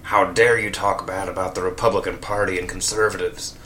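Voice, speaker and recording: A man's voice: low-pitched, flat delivery, fairly quick, sharp tone, a little hiss or hum. A man voicing a male conspiracy radio host who rants in a hostile, snarling way.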